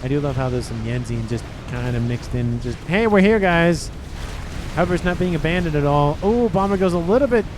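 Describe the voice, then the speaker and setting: A man casting a real-time strategy match, excitable and talking straight to the players. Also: a little high, fast, hardly any pauses, background noise. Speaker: game caster. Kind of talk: strategy game commentary.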